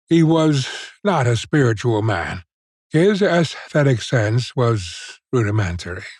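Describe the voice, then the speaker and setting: A man reading a classic short story aloud as an unabridged audiobook, with a measured, expressive storytelling delivery. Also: mid-range voice, no room sound, clean studio sound. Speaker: audiobook narrator.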